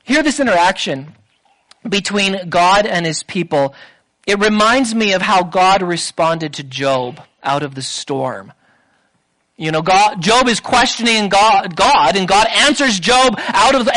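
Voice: medium pitch, expressive, unhurried, a bit bright, low-quality recording. A preacher delivering a sermon with emphatic delivery, repeating phrases and building to raised intensity.

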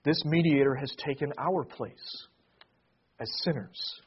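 A male pastor preaching a sermon to his congregation. He swells to emphatic peaks and then drops to a hush. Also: medium pitch, animated, measured pace, pauses often, breathy edge, muffled recording.

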